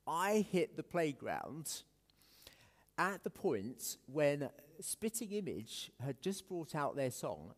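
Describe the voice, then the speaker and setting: A man's voice: a little high, big pitch swings, takes it slowly. English guy giving a chatty sermon, voice goes up and down a lot, lots of ums, long echo in a church hall. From South Africa. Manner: conversational, self-deprecating with many fillers and restarts. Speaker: pastor. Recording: echoey hall with long reverb.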